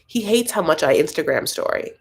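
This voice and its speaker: Chatty woman with a gravelly voice. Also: low-pitched, expressive, a little fast. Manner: chatty, rambling, reads viewer comments aloud. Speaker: live-stream host. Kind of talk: casual live-stream chat. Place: home, Los Angeles.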